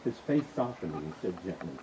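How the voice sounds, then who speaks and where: A man officiating an outdoor wedding, telling a story in a relaxed, lightly joking way. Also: deep voice, a little fast, noisy background. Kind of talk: wedding ceremony address. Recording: outdoor ceremony with insects and birds.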